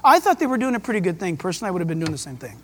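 Really high-voiced pastor guy preaching, gets all fired up, echo of a big church hall. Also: very fast. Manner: excitable, emphatic preaching with jokes and rhetorical questions. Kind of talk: sermon. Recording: long hall reverb.

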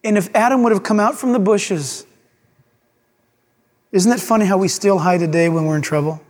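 A man's voice: sits high, normal speed, in a large hall. A man preaching a sermon with dramatic delivery, acting out the voices of scripture figures.

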